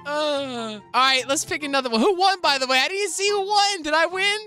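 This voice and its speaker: Excitable young gamer man, lively pitch. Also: a little fast, soft background music. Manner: excitable, slangy, laughs a lot. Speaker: YouTuber. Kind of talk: gaming commentary.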